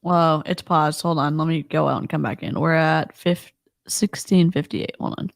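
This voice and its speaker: A woman's voice: deep voice, fairly even intonation, normal speed, gravelly, no echo, clean studio sound. A woman co-hosting a casual livestream, commenting with exasperated, mocking asides. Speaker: livestream co-host.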